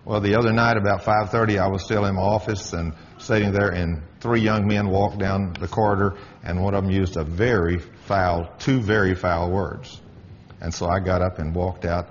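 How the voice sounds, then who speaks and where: A man's voice: sits low, fairly even intonation, normal speed, a little hiss or hum. Firm middle-aged man testifying in a hall. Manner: emphatic, firm, preacherly. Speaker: workplace manager giving a testimony. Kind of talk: spoken testimony with storytelling. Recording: dull audio with long hall reverb.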